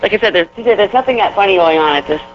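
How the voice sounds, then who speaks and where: A woman's voice: medium pitch, expressive, fast. A woman guest on a casual phone interview, giggly and apologizing over and over. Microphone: phone line. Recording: dull lo-fi phone line with faint hiss.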